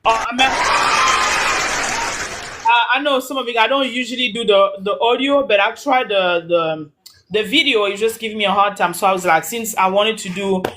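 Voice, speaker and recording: A mom coach hosts an audio-only live stream from her phone, giving a motivational talk and greeting viewers by name. Her medium-pitched, slightly bright voice moves at a moderate pace as she earnestly repeats her points in a preachy way. A faint crowd and slight background noise can be heard.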